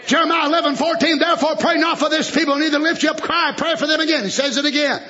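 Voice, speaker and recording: A man preaching a fiery sermon, jumping between loud shouting and hushed near-whispers. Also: very high voice, fairly even intonation, fast talker, lo-fi sound. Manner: swings from shouting to hushed, plays God's voice in quotes.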